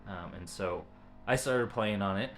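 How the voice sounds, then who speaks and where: A man giving a casual vlog update about his family, talking in halting phrases and often restarting them, into a camera he adjusts himself. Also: lowish voice, fairly bright tone, soft background music.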